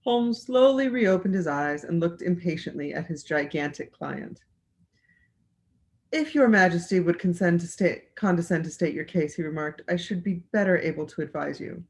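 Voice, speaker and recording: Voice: mid-range voice, animated, moderate pace. A reader of a classic detective story, going through it aloud with frequent slips and restarts. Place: library livestream.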